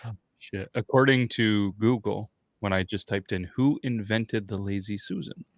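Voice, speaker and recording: A man with a low voice co-hosts a casual podcast, wry and offhand. His voice sounds dry and close, with no room around it. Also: normal speed, no room sound. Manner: dry, wry, reads search results aloud. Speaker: podcast co-host.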